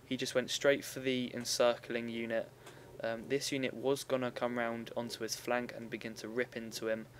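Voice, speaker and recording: A man's voice: mid-range voice, level tone, normal speed, hardly any pauses, a little hiss or hum. A young man giving casual, rambling commentary over a recorded strategy game battle, often stopping to correct himself.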